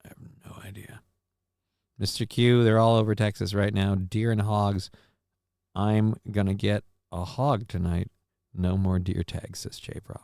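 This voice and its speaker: A man's voice: lowish voice, level tone, measured pace, gravelly, a little mellow, no room sound, clean studio sound. A man hosting a casual live stream, reading chat messages and news aloud and cracking crude jokes. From northern United States. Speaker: show host.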